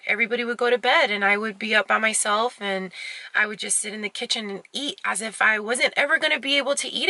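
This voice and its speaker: A woman's voice: medium pitch, pushed and bright, dry recording. A woman vlogging from home, speaking openly and confessionally in a conversational way with lots of fillers. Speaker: fitness vlogger. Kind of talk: candid personal vlog.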